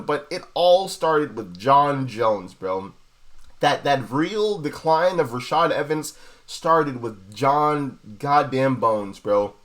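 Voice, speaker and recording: A young man riffs through a casual fight breakdown, his pitch sitting a bit high and leaping around as he gets worked up. He swears constantly, stumbles into repeats, and peppers everything with bro and dude. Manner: profane, excitable, repeats himself, says bro and dude. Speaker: MMA analysis host. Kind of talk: casual fight analysis monologue.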